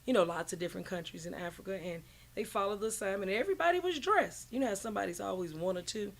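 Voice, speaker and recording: A woman's voice: mid-range voice, animated, creaky. Chatty woman co-host. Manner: chatty, agreeable, quick to laugh. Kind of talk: casual recap chat.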